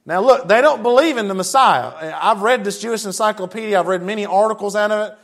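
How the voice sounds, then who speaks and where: A man's voice: sits high, fast, fairly bright tone. A man preaching a sermon, reading scripture aloud and breaking off for chatty, conversational asides to his congregation.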